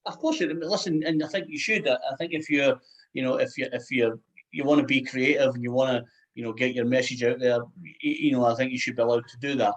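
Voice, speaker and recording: A man's voice: mid-range voice, steady tone, fast, rough recording. A man with a Scottish accent interviewing guests in a casual chat, rambling with lots of "you know" and restarts.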